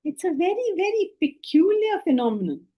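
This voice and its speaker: A woman spiritual teacher giving a philosophy lecture with stories, animated and asking rhetorical questions. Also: extremely high pitch, moderate pace, rough recording.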